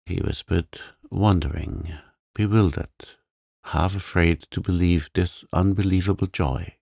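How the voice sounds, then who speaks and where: Brief: calm male sleep story narrator, soothing and soft, very deep, unhurried. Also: vocal fry, slightly rough, no room sound, studio quality. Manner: gentle, soothing, softly spoken.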